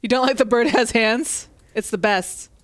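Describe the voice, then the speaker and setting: A woman's voice: a little high, moderate pace, no echo. A woman chatting casually on a game stream, playful and joking. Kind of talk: casual let's-play chat.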